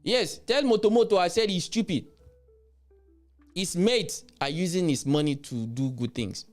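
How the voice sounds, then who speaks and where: A man's voice: sits high, measured pace, faint music behind. A Nigerian man hosting a livestream, blunt and mocking, who slips into Yoruba as he comments. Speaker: livestream host.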